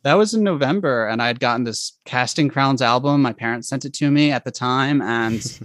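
A man telling a personal faith story in conversation, speaking haltingly and reflectively with many restarts. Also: medium pitch, fairly bright tone, dry recording.

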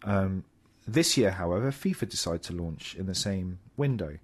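A man's voice: sits low, animated, normal speed. A man co-hosting a casual gaming chat show, talking in a rambling, explanatory way with many fillers.

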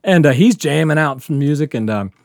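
Podcast co-host, a man in his fifties: animated, profane storyteller with a lively voice, recorded dry. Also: fairly high pitch, brisk, no room sound. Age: 50s. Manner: animated, profane, laughing through a wild story. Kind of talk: casual storytelling chat.

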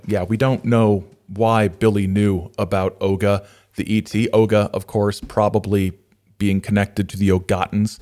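A man's voice: lowish voice, a little slow. A man hosting a podcast, talking casually with many fillers and reading a rhyming children's storybook aloud. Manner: hesitant, many fillers, lively when reading verse aloud. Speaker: podcast host.

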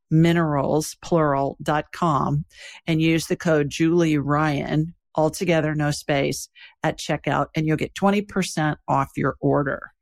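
Low-voiced woman reading an ad. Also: darkish tone. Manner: plain, spells out details slowly. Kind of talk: ad read.

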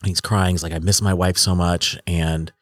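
A man's voice: low-pitched, level tone, normal speed, dry recording, clean studio sound. A man in his forties talking in a reflective, casual conversation, often trailing off and restarting his sentences. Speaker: podcast host.

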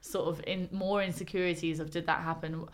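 Young woman, podcast guest, frank and animated, quick to laugh. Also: lowish voice. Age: young adult. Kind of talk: candid casual chat.

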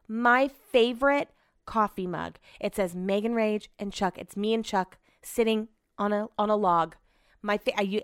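A woman's voice: a little high, fairly bright tone, dry recording, studio quality. A woman telling a casual story monologue, chatty and blunt, swearing freely as she retells back-and-forth conversations.

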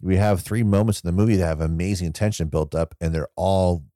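A man with a very low, mellow voice talks through a movie in loose, rambling podcast chat. He retells scenes with quoted asides and laughs, recorded close and dry. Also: fairly even intonation, fairly quick, no room sound. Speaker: podcast co-host. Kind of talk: casual film discussion.

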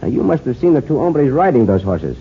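Cisco Kid, a courtly caballero hero. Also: male voice, medium pitch, very animated, a little fast, breathy edge, heavily acted. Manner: courtly, confident. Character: dashing caballero hero, calm and shrewd. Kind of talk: 1950s radio drama acting. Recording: dull lo-fi old radio broadcast.

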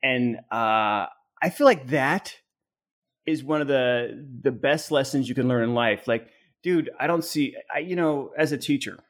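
A man's voice: mid-range voice, a little slow. Guy rambling through a standup story, lots of uhs and ums, easygoing podcast chat. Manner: storytelling, animated, lots of fillers. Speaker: podcast co-host. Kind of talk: casual chat.

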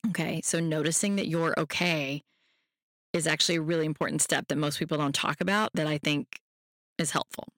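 A podcast host who gives a self-help talk in a gentle, reassuring way and speaks straight to the listener. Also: medium pitch, fairly even intonation, fairly quick, dry recording, clean studio sound.

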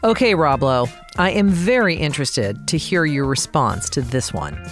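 A woman from Colorado hosting a podcast, reading a scripted season wrap-up in a measured, appreciative way. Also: low-pitched, big pitch swings, faint music behind. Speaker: podcast host.

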